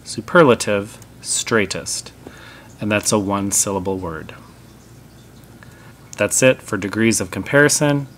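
A man with a somewhat low voice teaching grammar. He speaks slowly and deliberately, spelling out each example word by word in a measured lesson narration. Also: fairly bright tone, a little hiss or hum.

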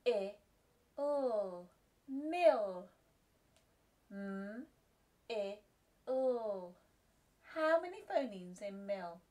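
A woman teaching a phonics lesson to young children, slowly sounding out letters and syllables in a clear, patient way. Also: medium pitch, mellow. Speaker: reception class teacher.

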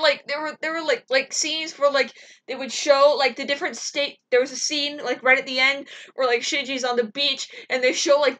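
Bright-voiced gushing woman vlogger. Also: sits high. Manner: gushing, emotional, swears freely, full of fillers. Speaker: animation vlogger. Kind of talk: casual rambling reaction vlog.

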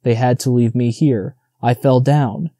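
A man voicing a weak young male fawn who speaks softly and resignedly in an audiobook. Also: medium pitch, fairly even intonation, measured pace, no room sound, clean studio sound, lightly acted. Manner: soft, resigned and serious.

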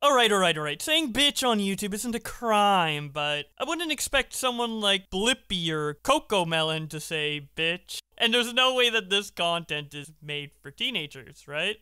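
A man's voice: high-pitched, sing-song, unhurried, hardly any pauses, bright, forceful tone, clear, resonant tone, no room sound, studio quality. A man giving blunt, sarcastic commentary who swears casually. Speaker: commentary YouTuber.

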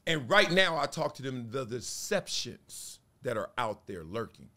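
A man in his forties hosting a casual commentary show, talking in an animated way and acting out little quotes. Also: mid-range voice, measured pace. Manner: animated, acts out voices and quotes. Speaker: show host.

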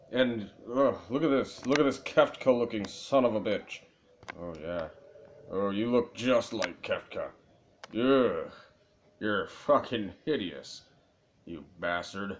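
A man's voice: fairly low pitch, slight background noise. A young man hosting a casual let's play video, making crude jokes and grumbling asides at the screen. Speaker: gaming video host.

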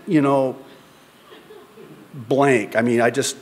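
A male pastor preaching a sermon to a congregation in a church, moving from loud, high-pitched exhortation down to soft whispers. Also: takes it slowly, long pauses, long reverb tail. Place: church before a live congregation.

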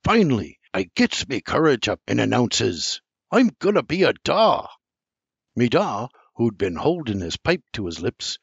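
An older man narrates a first-person audiobook in a folksy, animated storytelling manner. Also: mid-range voice, breathy edge, no room sound. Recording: dry, slightly muffled recording.

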